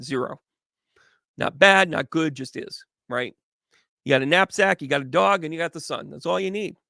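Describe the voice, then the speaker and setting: A man doing casual live tarot readings as a medium, chatty and animated, greeting viewers by name. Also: a little high, creaky, no echo, studio quality.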